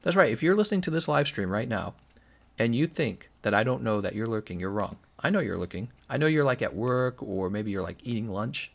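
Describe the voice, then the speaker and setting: Gravelly, animated young male streamer. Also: medium pitch, a little fast. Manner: joking, reads chat aloud, animated. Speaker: gaming live streamer. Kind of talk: casual live stream chat.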